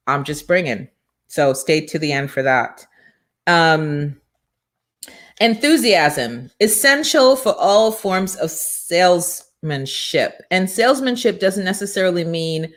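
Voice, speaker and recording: Emphatic low-voiced woman hosting a motivational show. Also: a little slow. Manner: energetic, preachy, emphatic. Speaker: show host and business coach. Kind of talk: motivational morning show talk. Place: studio.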